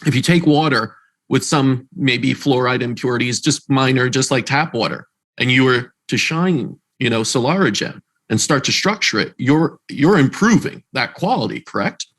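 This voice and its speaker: Male podcast host, mid-pitched voice, eager, rambling questions. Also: animated, normal speed, fairly bright tone. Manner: enthusiastic, rambling questions with restarts. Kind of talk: casual interview talk.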